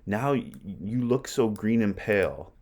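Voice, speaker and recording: A man reading aloud as a ruthless, scornful noblewoman who goads her husband, in a slow, deliberate way. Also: on the low side, animated, darkish tone.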